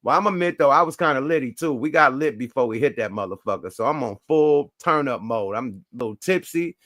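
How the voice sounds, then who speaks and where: A man telling a story in casual chat, animated and slangy, acting out both sides. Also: mid-range voice, fairly quick, no room sound, clean studio sound. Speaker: host.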